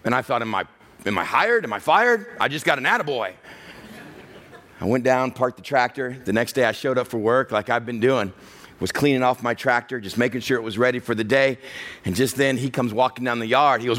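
A man's voice: mid-range voice, animated, moderate pace, fairly bright tone. A middle-aged man preaching a sermon, telling a personal story and acting out the voices of the people in it. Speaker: pastor.

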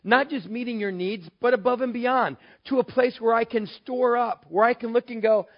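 A man's voice: very high-pitched, normal speed, hardly any pauses. A male pastor preaching a sermon in an emphatic, conversational way, telling the story with animation. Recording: dull lo-fi sermon recording.

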